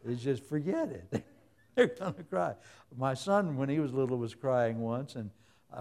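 A man's voice: mid-range voice, lively intonation, moderate pace, vocal fry, darkish tone. A man preaching a sermon in a folksy, humorous way, full of everyday stories. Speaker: pastor.

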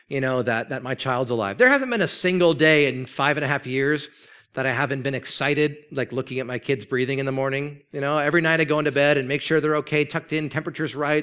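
A man in his thirties preaching a sermon in a conversational, earnest way, acting out quoted lines and going soft and low for sad parts. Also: smooth. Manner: earnest, conversational, acts out quoted speech with pitch jumps; drops soft and low when telling of grief. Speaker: pastor.

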